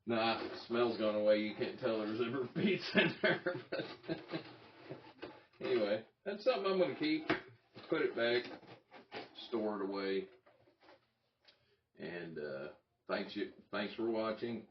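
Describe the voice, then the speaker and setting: A man with a lowish voice chats casually to his viewers, wandering off-track and chuckling as he goes. He sits back from the microphone in a room with a clear echo, and the sound is muffled and lo-fi. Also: lively intonation, unhurried, pauses often, slight background noise. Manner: rambling, self-interrupting, chuckling. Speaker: YouTube channel host. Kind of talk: casual talking-head vlog. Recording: roomy, distant, dull lo-fi sound.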